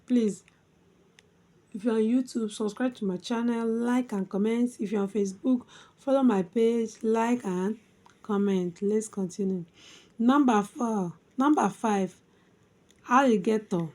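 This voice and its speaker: A woman teaching phonics, spelling words out letter by letter in a slow, deliberate way, with non-native English grammar. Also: fairly high pitch, a little mellow. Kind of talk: spelling tutorial.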